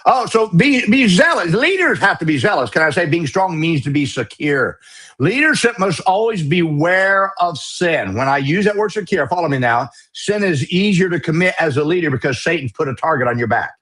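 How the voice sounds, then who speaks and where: A middle-aged man preaching a sermon as pastor, forceful and emphatic, with folksy, mocking asides. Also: a little high, animated, moderate pace.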